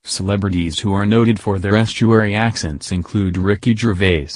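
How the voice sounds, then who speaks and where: A man narrates a news piece in a lowish voice. His delivery is steady and read-aloud. The recording is dry, with no room sound. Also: normal speed, no room sound.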